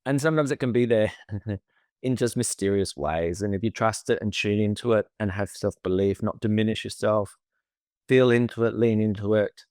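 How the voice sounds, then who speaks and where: A man's voice: on the low side, moderate pace, darkish tone, no room sound, clean studio sound. A man, co-hosting a podcast as a therapist and telling a personal story in an emotive, chatty way. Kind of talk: casual conversation.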